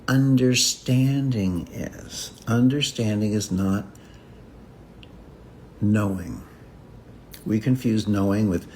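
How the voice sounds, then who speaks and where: Male spiritual teacher with a lower voice; unhurried, repetitive, meditative delivery for a live talk. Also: a little mellow, a little hiss or hum. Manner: slow, repetitive, contemplative phrasing with long pauses.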